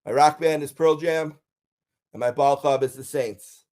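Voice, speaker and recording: A man's voice: fairly high pitch, fairly even intonation, unhurried, darkish tone. A middle-aged man from Buffalo telling personal stories in a casual countdown, upbeat with frequent ums. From Buffalo, USA. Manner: enthusiastic storyteller, frequent ums and uhs.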